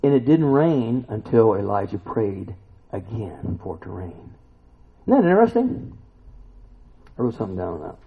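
Gravelly preacher on a tinny line. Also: male voice, on the low side, big pitch swings, normal speed, pauses often. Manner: emphatic, rising to loud exclamations and rhetorical questions. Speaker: pastor. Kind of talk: sermon. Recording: tinny phone-like recording.

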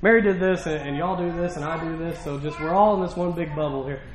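A man's voice: fairly high pitch, quick pace, noisy background. A male pastor preaching a sermon in a church, talking conversationally with rhetorical questions and emphatic repetition.

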